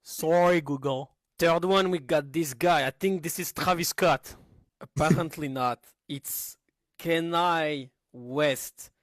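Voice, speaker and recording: A man's voice: a little high, no room sound, clean studio sound. A man with a French accent in a comedic skit, mispronouncing English words on purpose and erupting in mock outrage when corrected. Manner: deliberately mangles English words, then shouts in mock outrage. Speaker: comedy video creator. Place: played from a video clip.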